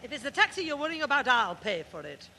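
A woman's voice: high voice, sing-song, fast talker, bright, forceful tone, a little hiss or hum, heavily acted. An actress playing a patient, placating mother in an old radio sitcom. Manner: placating, firm. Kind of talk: 1950s radio sitcom acting.

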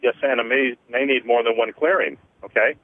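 A man hosting a call-in radio show, slowly counting through energy clearings and explaining them with many fillers. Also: medium pitch, no room sound. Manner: slow, deliberate counting with frequent fillers. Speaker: host, energy healer. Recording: tinny phone-line radio sound.

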